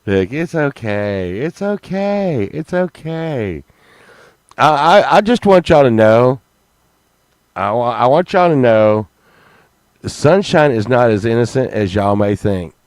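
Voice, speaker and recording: A man telling rambling comic stories in a halting way, full of fillers and restarts. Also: medium pitch, sing-song, a little mellow, clean tone, no echo. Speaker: comedy podcast host.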